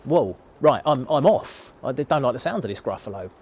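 A man's voice: medium pitch, lively intonation, fairly quick, darkish tone, husky. A man doing a stammering, nervous storybook fox. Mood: alarmed. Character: nervous male fox, quick to flee.

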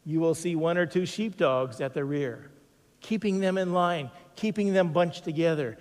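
Guy preaching a sermon, pretty high voice, slows way down on the big lines, echoey hall. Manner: emphatic, slows down for repeated phrases. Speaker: pastor.

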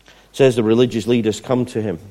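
A man preaching a sermon, retelling scripture stories in an animated way with playful asides. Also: medium pitch, a little fast. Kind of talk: sermon storytelling.

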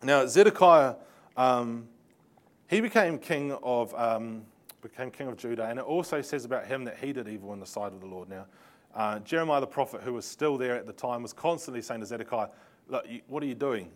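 Using slides, a man delivers a Bible lesson, narrating the story in a lively manner full of sarcastic remarks and laughing asides. He has a medium-pitched voice and a brisk pace.

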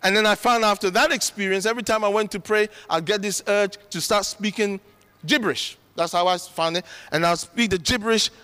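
A man's voice: sits high, a little fast, pushed and bright, clear, resonant tone. A middle-aged man preaching a sermon in an earnest, conversational way, with emphatic bursts. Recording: long reverb of a large hall.

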